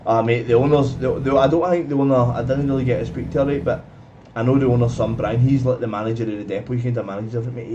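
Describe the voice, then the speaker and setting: Talking fast at a medium pitch with fairly even intonation, this man tells a meandering story as he plays a game on stream. He curses a lot and keeps saying "mate." Audio is noisy, off-mic and lo-fi with a dull sound.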